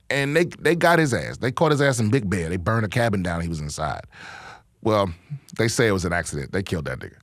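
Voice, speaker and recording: Speaking in a mid-range voice, a man who hosts a podcast and does comedy runs through a sweary, rambling rant as a casual monologue, with many restarts. The studio-quality recording has no room sound.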